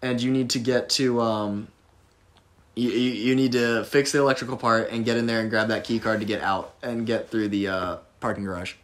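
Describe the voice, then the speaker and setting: A man's voice: medium pitch, steady tone, brisk, a bit bright. A young man playing a video game and chatting casually with friends, walking them through each step as he goes. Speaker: gameplay commentator. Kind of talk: casual let's-play chat. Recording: faint background noise.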